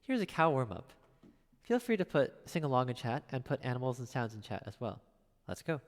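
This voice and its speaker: A man streaming piano requests, chatting casually and wryly with his chat in a soft, drifting way. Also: very animated, brisk, long reverb tail. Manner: chatty, wry, drifts soft and low between songs.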